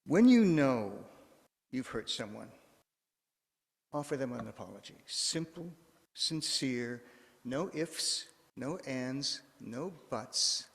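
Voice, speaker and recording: A man's voice: medium pitch, lively intonation, slow pace, gravelly. A man giving a sermon in a church, telling a story in a casual, conversational way with frequent restarts. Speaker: preacher. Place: church sanctuary. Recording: long echo of a church hall.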